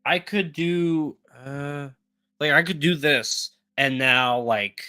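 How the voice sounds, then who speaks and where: A man's voice: a little high, takes it slowly, pushed and bright, clean tone. A man co-hosting a podcast in casual chat, explaining at length and restarting phrases. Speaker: podcast co-host.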